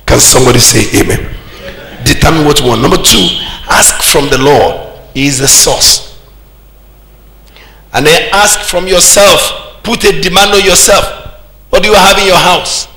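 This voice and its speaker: A Nigerian pastor preaching a sermon, older, with sudden shouted peaks and call-and-response to the congregation. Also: male voice, fairly high pitch, normal speed, pauses often. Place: church hall. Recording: echoey church hall.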